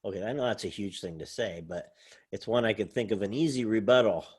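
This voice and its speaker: Man, college professor, recorded online lecture, casual, rambling, thinks aloud, lowish voice. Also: a little fast, slightly rough.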